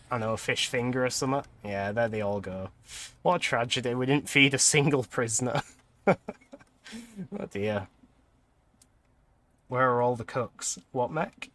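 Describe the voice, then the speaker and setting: A man's voice: medium pitch, bright, forceful tone. A young man casually chatting and laughing often while commenting on a game he is playing on stream.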